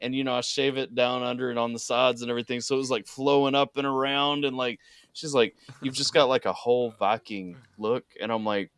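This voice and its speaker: A man's voice: medium pitch, little pitch movement, a little fast, fairly bright tone, smooth, dry recording. A man hosting a casual podcast, telling rambling anecdotes full of fillers and laughter. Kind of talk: casual chat.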